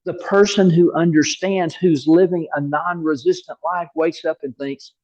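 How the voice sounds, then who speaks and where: A man preaching a sermon, telling stories in a lively way and repeating key words for emphasis. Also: a little high, moderate pace, hardly any pauses, lo-fi sound. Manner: animated storytelling with repeated words.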